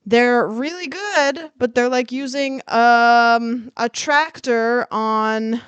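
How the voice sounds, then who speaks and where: A woman's voice: fairly high pitch, takes it slowly, a bit bright, clean tone, no echo, highs cut off. A woman streamer chatting casually as she explains step by step, swearing now and then, speaking into a clip-on microphone at home. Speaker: streamer cutting hair on stream.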